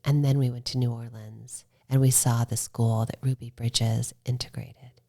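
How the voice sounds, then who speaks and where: Low gravelly woman telling stories. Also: moderate pace. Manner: animated storytelling, quotes herself. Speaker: podcast guest, filmmaker. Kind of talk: casual interview chat.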